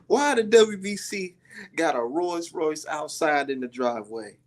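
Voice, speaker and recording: A man's voice: fairly high pitch, expressive, measured pace. A man giving loose, profane reaction commentary, often breaking into laughter and mockery. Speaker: online commentator.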